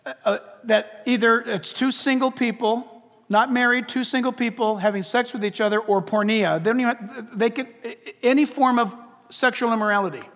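A man's voice: extremely high pitch, fairly even intonation, normal speed, a bit bright. A man preaching a sermon from the pulpit as pastor, emphatic and full of rhetorical questions. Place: church sanctuary. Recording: long church hall reverb.

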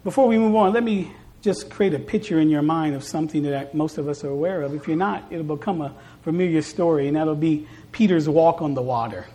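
A woman preaching a sermon at a church service, stressing points by repeating phrases and moving between soft and loud delivery. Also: sits low, brisk.

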